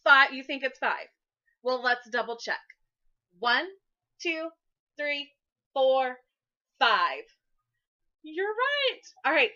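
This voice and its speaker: A woman's voice: sits high, big pitch swings, takes it slowly, pauses often, pushed and bright, highs cut off. Sing-song woman teaching young children. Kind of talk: early-grade classroom lesson to camera. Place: classroom.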